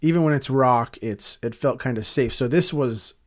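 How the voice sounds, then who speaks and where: A middle-aged man co-hosting a casual music chat, talking in halting bursts with many restarts and fillers. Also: medium pitch. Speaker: podcast co-host.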